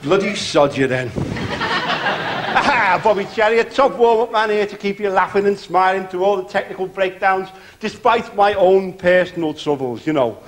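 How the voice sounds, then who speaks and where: An actor playing a self-pitying middle-aged warm-up comedian, rambling through his patter in a TV sketch comedy. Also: sits high, moderate pace, slight background noise, close to an everyday voice.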